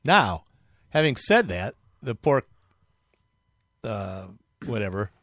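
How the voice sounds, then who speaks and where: A man's voice: on the low side, takes it slowly, dry recording. Jokey guy co-hosting a chat show, bouncy voice, dry close mic. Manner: jokey, animated, acts out mock fear. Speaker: co-host. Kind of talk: casual chat.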